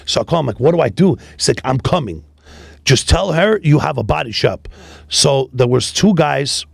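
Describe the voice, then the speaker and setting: A man, a tow business founder telling profane, animated stories in a casual interview. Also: medium pitch, moderate pace, vocal fry, husky, no echo, studio quality. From New York City. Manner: profane, animated street storytelling.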